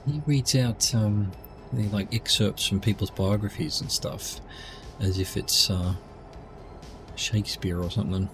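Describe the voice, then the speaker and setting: A man's voice: lowish voice, steady tone, measured pace, over music. A man giving casual, rambling commentary while streaming a driving game. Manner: rambling, chatty asides.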